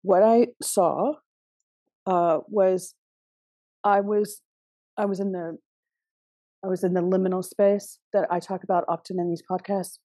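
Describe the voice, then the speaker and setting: A middle-aged woman hosts a reflective spiritual podcast in a mellow, slightly breathy voice. She meanders and hesitates, often restarting her sentences. The recording is close and dry. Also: medium pitch, fairly even intonation, unhurried, long pauses, no room sound. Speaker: podcast host.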